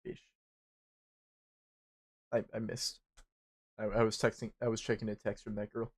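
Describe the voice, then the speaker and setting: A young man chatting casually while streaming a game, rambling and swearing constantly, turning animated when he retells stories. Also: lowish voice, a little slow, breathy edge. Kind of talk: casual chat while gaming.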